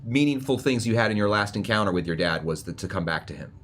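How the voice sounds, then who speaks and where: A man with a somewhat low voice runs a tabletop game as game master, describing scenes and calling for rolls. His talk is relaxed and loose, full of little pauses and restarts, with a faint hiss of noise behind him. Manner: relaxed and conversational, with frequent fillers and restarts.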